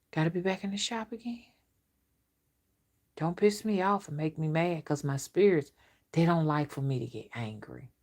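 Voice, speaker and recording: A middle-aged woman speaks in a fairly low voice. She talks in a casual but stern way, stretching out words to warn and scold her listeners as she tells a story. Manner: stern, warning, drawn-out emphatic storytelling. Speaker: rootwork spiritual reader. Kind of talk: casual storytelling monologue to camera.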